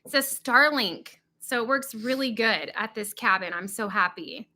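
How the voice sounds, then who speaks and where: An upbeat, chatty woman hosts a casual livestream from indoors in a cabin. Her voice sits a little high and sounds bright and forceful. She talks in an excitable, friendly way. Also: moderate pace. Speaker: livestream host. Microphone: not her usual podcast microphone.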